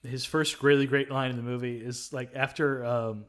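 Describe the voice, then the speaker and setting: A man co-hosting a casual film review podcast, retelling scenes in an animated way and acting out the movie's lines. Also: medium pitch, moderate pace. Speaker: podcast co-host.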